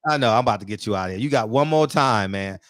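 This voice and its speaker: A man's voice: fairly low pitch, fast, no echo. A man hosting a live call-in show, talking brash, profane and amped up in casual chat.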